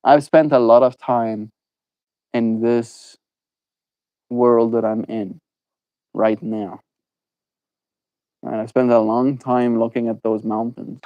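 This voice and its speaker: Slow, musing South African man. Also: mid-range voice, steady tone, no echo, dull audio. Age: 20s. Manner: slow, drawn-out and musing, laughs easily. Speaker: daily livestreamer. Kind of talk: reflective stream chat with viewers.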